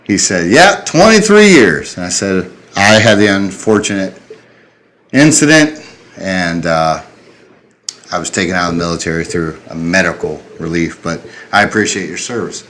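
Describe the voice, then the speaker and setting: A man in his thirties with a low, deep voice tells a story on a podcast. He speaks earnestly and plainly, swears now and then, and sounds choked up and a little tipsy. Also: moderate pace, a bit bright. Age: 30s. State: slightly tipsy. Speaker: podcast host. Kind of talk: emotional storytelling.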